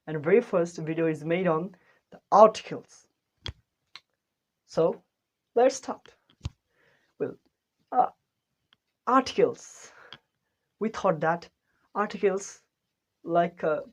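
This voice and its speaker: A woman hosting an English lesson, explaining grammar rules in an unhurried way and correcting herself as she goes. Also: on the low side, darkish tone. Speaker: English teacher, channel host.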